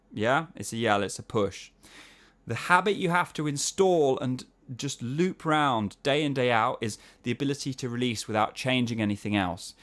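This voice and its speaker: A male voice teacher walks through technique in a relaxed, conversational way. He breaks into quick sung syllables to demonstrate, then drops back to easy talk. His voice is smooth and resonant, sitting at a middle pitch. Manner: explains technique, then sings short vocal exercises to demonstrate; casual, chatty, uses "yeah?" and "man". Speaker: singing teacher. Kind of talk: online singing lesson answering viewer emails.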